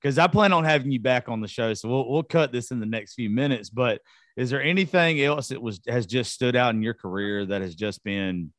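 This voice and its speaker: A man's voice: mid-range voice, a little fast, a bit bright, no echo, studio quality. A man with a Southern drawl hosting an interview show, eager and enthusiastic, swearing casually. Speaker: podcast host.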